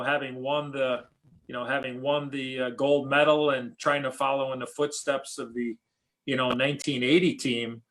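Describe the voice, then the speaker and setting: A middle-aged man from the United States, formerly a hockey player, rambles through stories on a podcast during a casual interview, stumbling over fillers and restarts. His voice is medium in pitch and a bit bright.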